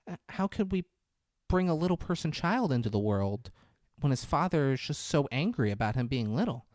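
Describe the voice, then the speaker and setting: A man's voice: on the high side, big pitch swings, moderate pace, darkish tone, dry recording, studio quality, pitched above the performer's own voice. A man putting on a prim young wife who lectures her husband, in a slightly raised voice, while retelling a movie scene.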